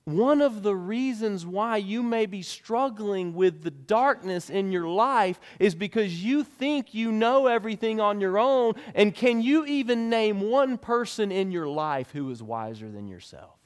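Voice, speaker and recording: A man preaching a sermon as pastor, with emphatic delivery that rises and drops sharply in pitch and volume. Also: expressive, unhurried, few pauses, smooth, in a large hall.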